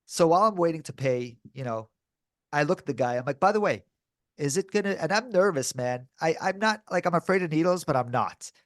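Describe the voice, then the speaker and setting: A man co-hosting a podcast in casual chat, telling a story in a lively way and acting out the voices of the people in it, often saying dude and bro. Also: on the high side, fairly quick, dry recording, clean studio sound. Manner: animated, acts out quoted dialogue. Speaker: podcast co-host.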